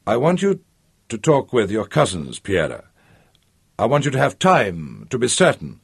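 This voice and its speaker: A man reading aloud voices a polite young man in love, speaking warmly with small hesitations. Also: fairly low pitch, brisk, slightly rough, no room sound, studio quality. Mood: tender. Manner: warm, hesitant, gently polite.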